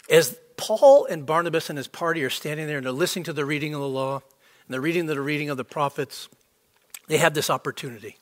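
A man preaching a sermon to a congregation, emphatic and repetitive for stress. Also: fairly high pitch. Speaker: pastor. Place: church sanctuary. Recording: long hall reverb.

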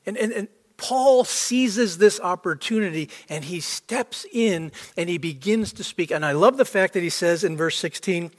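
A man's voice: high-pitched, normal speed, hardly any pauses. A man preaching a sermon to a congregation, emphatic and repetitive for stress. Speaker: pastor. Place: church sanctuary. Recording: long hall reverb.

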